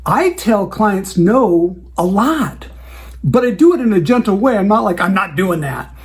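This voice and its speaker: A man whose voice sits high and animated speaks a little slowly while hosting a show for wedding DJs. In a casual, conversational style, he shares client advice and role-plays his dialogues with clients.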